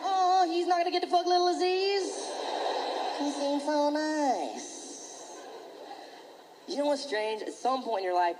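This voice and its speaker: A male stand-up comedian performing a set on stage, talking in an animated way and switching into mocking voices. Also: very high voice, background noise. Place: comedy stage before an audience.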